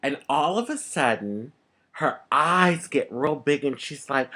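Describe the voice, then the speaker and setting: Lively middle-aged woman telling a story. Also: low voice, measured pace. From United States. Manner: animated, laughs often, acts out the people in the story. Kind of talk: casual storytelling.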